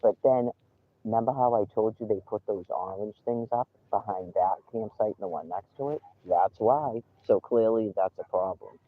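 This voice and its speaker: A man's voice: lowish voice, moderate pace. A man live-streaming from a campsite outdoors, talking casually and ranting with indignation and swearing freely. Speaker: livestreamer. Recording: tinny phone-like live stream.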